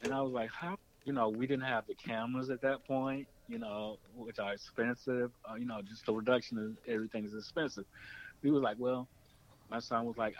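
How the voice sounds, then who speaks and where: A man's voice: fairly quick, poor audio. A man, a documentary filmmaker and former radio producer, telling a long story in an interview and acting out the people he quotes. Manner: animated, acts out quoted voices with pitch jumps.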